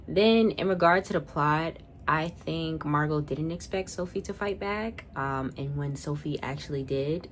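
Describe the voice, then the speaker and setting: Low-pitched young woman, sassy casual reviewer, faint hum behind her. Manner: chatty, animated, sassy asides. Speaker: video reviewer.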